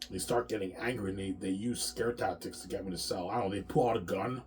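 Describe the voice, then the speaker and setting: A man's voice: low-pitched, fast talker, few pauses, darkish tone. A man rambling in an agitated monologue to the camera, swearing often and repeating his words. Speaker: vlogger.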